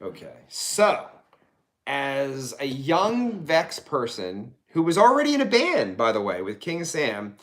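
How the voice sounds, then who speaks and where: A Pennsylvania man around his forties guests on a podcast, speaking slowly in a medium-pitched voice. He tells a story casually and animatedly, full of swearing and laughter.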